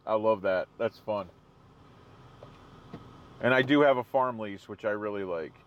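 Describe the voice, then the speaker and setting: A man's voice: lowish voice, takes it slowly, long pauses, lo-fi sound. Casual man chatting on a live stream. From New England. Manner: chatty, reads out viewer comments.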